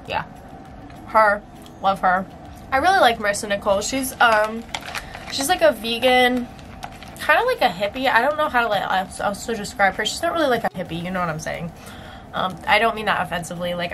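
A woman's voice: medium pitch, fairly bright tone, slight background noise, poor audio. A young woman vlogging in a casual, chatty way, with plenty of filler words and laughs. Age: young adult. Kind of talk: casual chat.

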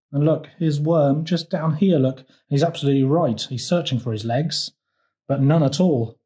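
A man's voice: fairly high pitch, normal speed. Man reading a picture book to children. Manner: gentle, pointing things out to children. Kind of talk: children's storytime read-aloud.

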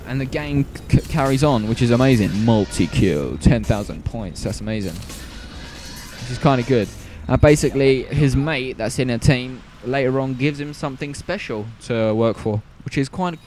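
A man's voice: medium pitch, darkish tone. A man giving gameplay commentary, rambling, stumbling over words and apologizing often. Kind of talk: video game commentary.

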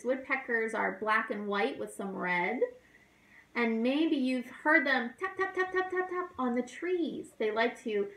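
A woman who is a children's librarian, leading a toddler storytime in a gentle, encouraging, sing-song teacher voice. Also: on the high side. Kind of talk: speaking slowly and simply to toddlers. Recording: roomy echo.

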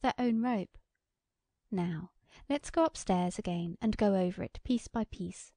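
A woman's voice: mid-range voice, measured pace, gravelly, mellow, no echo, clean studio sound. A woman reading the lines of a condescending male county attorney in a tolerant, dismissive way. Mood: businesslike.

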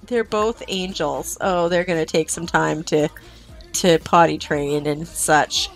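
A woman's voice: low-pitched, steady tone, slow pace, creaky. A woman streaming a game live, gushing and talking to her game characters as she plays. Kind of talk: live-streamed gameplay commentary. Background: game music.

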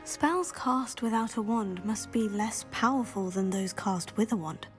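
A woman's voice: mid-range voice, measured pace, soft background music, lightly acted. An actress playing a polite, earnest young female student.

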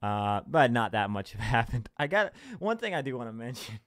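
Very animated and speaking at a moderate pace, this medium-pitched young man rants alone on his podcast, recorded at home yet sounding dry and studio-quality. Expect sarcasm, constant cursing, mocking impressions and laughter breaking into his sentences.

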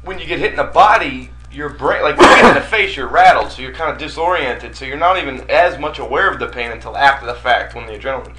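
A man's voice: mid-range voice, quick pace, hardly any pauses, noisy background. A man co-hosting a casual wrestling talk radio show, rambling and swearing freely as he tells stories. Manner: profane, rambling, storytelling. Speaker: co-host.

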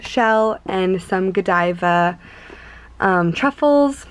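A young woman chatting casually in a home vlog, bubbly and excitable, rambling with many fillers. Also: medium pitch, extremely slow, a little hiss or hum, rough recording. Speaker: vlogger.

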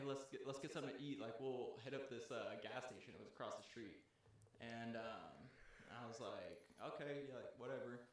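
A man's voice: mid-range voice, a little hiss or hum. A young man hosting a podcast, casually telling a long story among friends, rambling with lots of fillers and swearing. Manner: rambling, filler-heavy, profane. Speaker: podcast host. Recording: very echoey room.

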